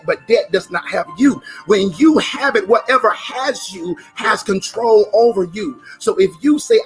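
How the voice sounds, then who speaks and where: A man giving an emphatic motivational talk, repeating phrases and sometimes rising to a shout. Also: sits high. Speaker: motivational speaker.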